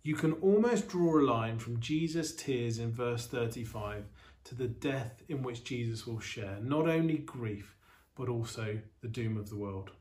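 An earnest male pastor delivering a sermon at a mid pitch. His voice sits a little mellow and warm, and he speaks with steady, reflective pauses. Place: online church service.

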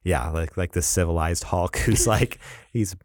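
A man co-hosting a casual podcast chat, talking animatedly and acting out scenes with quick quoted voices and laughs. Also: deep voice, no echo, clean studio sound. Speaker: podcast co-host.

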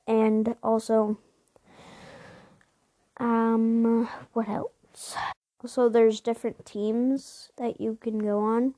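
Casual podcast host, woman, rambly and chatty, mellow voice, a bit high, dry sound. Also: level tone, extremely slow, pauses often, no echo. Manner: rambling, many fillers and restarts, apologetic asides. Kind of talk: casual chat about video games.

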